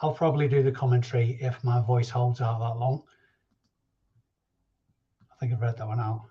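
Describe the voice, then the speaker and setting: A man's voice: medium pitch, level tone, normal speed, lo-fi sound, slight background noise. A man hosting a casual live stream, chatty and jokey as he reads out viewers' names. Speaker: reseller livestream host.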